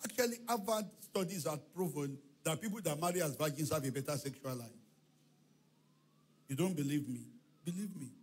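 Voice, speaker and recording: A man with a fairly high, slightly rough voice delivers a sermon in a church hall at a moderate pace. His storytelling is animated, with acted-out dialogue, shouting, and chanted refrains.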